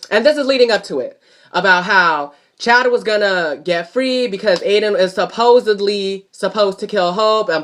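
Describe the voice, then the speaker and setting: A man recapping a soap opera episode in casual chat, animated and profane, talking straight to his viewers. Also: high voice.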